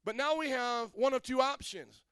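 High-voiced joking pastor preaching. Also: male voice, normal speed, a bit bright, clear, resonant tone, no room sound. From Indiana, USA. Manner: conversational and joking, quizzes the congregation. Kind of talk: sermon.

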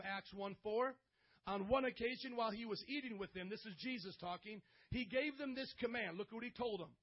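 An emphatic man with a very high voice preaches to young people, calling on them to answer back. He swings from loud exhortation to hushed, intimate lines. The recording sounds dull and lo-fi. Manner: emphatic preacher, calls on the audience to respond. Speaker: youth pastor. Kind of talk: sermon. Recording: dull lo-fi audio.

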